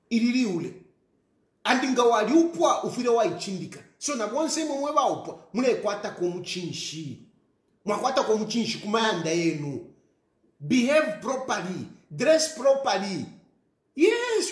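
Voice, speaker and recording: A man with a Zambian accent giving an animated social media rant, scolding and mixing English with a local language. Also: high voice, reverberant.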